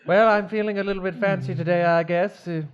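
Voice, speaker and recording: A man's voice: high-pitched, steady tone, quick pace, highs cut off, voice pushed up, natural voice. A man doing a posh, kindly old flight attendant. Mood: courteous. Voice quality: fancy, posh put-on voice. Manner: gentle and courteous. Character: aging male flight attendant, kind, proper.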